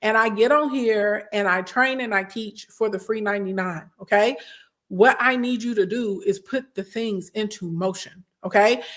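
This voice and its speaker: A woman talks straight to her followers on a livestream, chatty and blunt. She keeps checking in with "okay?" and scolds them like a big cousin. Her pitch sits in the middle range. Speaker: business coach hosting a livestream. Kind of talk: casual livestream talk to followers.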